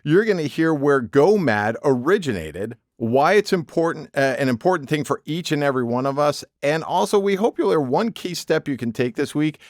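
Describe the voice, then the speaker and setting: A man's voice: on the high side, lively intonation, normal speed, hardly any pauses, dry recording, studio quality. A man co-hosting a podcast in casual chat, friendly and laughing easily. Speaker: podcast co-host.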